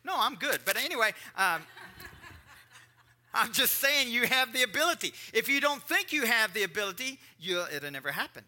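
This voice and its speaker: Bright-voiced preaching man. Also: very high voice, sing-song, moderate pace. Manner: emphatic preaching with joking asides. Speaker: pastor. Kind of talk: sermon.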